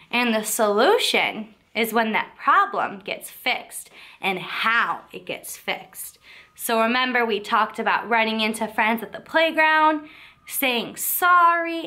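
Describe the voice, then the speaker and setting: Expressive woman reading aloud to kids. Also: fairly high pitch. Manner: expressive, slow and clear, asking children questions. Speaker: teacher. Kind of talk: reading a picture book aloud to young children.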